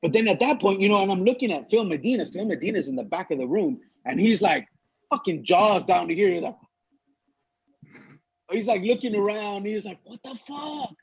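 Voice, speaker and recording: A comedian from Los Angeles telling a story in casual chat, animated and profane, acting out the people he quotes. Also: sits high, brisk, husky, dry recording. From Los Angeles, USA. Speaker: comedian podcast co-host. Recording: dull lo-fi dry sound.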